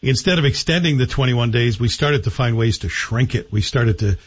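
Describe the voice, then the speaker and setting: A man hosting a radio talk show, speaking in a measured, reflective way. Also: mid-range voice, lively intonation, slightly rough, highs cut off. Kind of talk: radio interview and read ad.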